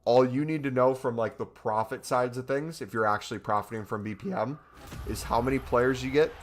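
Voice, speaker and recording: A man's voice: mid-range voice, brisk. A young American man chatting casually on his gaming live stream, joking and reading out questions from chat. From United States. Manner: chatty, jokey, reads chat aloud.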